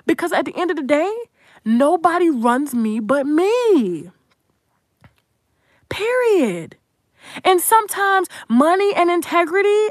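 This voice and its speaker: A woman's voice: on the high side, no echo, studio quality. A young adult woman content creator giving a blunt, profane, emphatic commentary rant.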